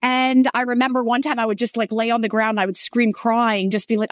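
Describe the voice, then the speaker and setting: A woman author with a fairly high voice shares personal stories in an earnest, heartfelt manner. The sound is close and dry, without reverb. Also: flat delivery, brisk, few pauses. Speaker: author guest. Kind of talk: conversational faith interview.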